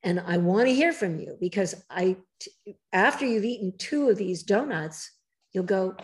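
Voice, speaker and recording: A woman author as a podcast guest, talking casually but emphatically, lecturing in quick bursts, her voice rough in the morning. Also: mid-range voice, animated. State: morning voice, throat clearing.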